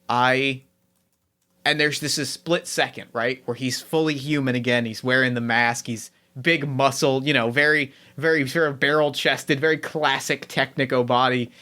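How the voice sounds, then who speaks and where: A man narrating a tabletop game as game master, animated, often repeating himself mid-sentence. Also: mid-range voice.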